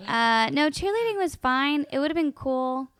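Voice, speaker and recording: A woman co-hosting a casual home podcast with her partner, pregnant, relaxed and giggly, agreeing easily and telling stories about high school. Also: normal speed, dry recording, clean studio sound. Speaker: podcast co-host. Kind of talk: casual chat.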